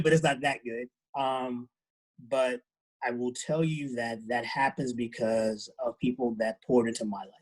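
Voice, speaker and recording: A man's voice: mid-range voice, husky, rough recording. A middle-aged man, a head track coach, talking earnestly and reflectively in a podcast interview. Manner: earnest, reflective, unhurried storytelling.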